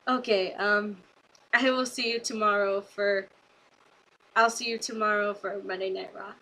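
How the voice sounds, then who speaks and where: A young woman vlogger recapping a wrestling show in a casual, rambling way, gushing with excitement and full of fillers. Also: medium pitch, a little slow, low-quality recording.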